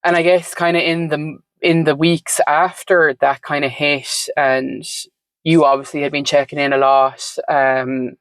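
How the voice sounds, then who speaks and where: Speaking as a podcast guest, this woman has a deep voice with flat delivery and a measured pace. She tells her story in a reflective, wandering way, peppered with "like" and "um," on a rough recording without echo.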